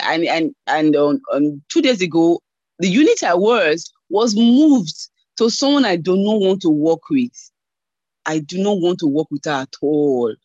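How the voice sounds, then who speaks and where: Woman giving a lively testimony. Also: fairly low pitch, no echo. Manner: animated storytelling, acting out quoted voices. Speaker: church member giving testimony. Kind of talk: spoken church testimony. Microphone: online call mic. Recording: dull lo-fi online call audio.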